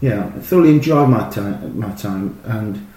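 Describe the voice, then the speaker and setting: A middle-aged man, a former footballer, telling animated, rambling stories full of fillers and restarts. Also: fairly low pitch, moderate pace. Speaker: former professional footballer, guest. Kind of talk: casual anecdotal storytelling. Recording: roomy echo with faint noise.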